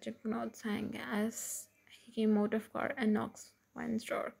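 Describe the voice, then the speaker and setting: Gravelly woman narrating a fan story. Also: fairly high pitch, little pitch movement, unhurried, darkish tone. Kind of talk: read-aloud fan fiction narration.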